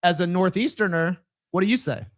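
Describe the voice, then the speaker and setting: A man co-hosting a live basketball podcast who chips in short, quick remarks and questions. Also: high-pitched, no echo, clean studio sound. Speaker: podcast co-host.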